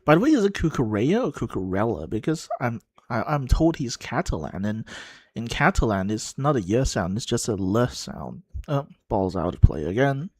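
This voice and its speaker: A man giving casual live play-by-play of a football match for a watchalong, slow and halting, pausing and musing between calls. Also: mid-range voice, very animated, dry recording. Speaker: watchalong commentator.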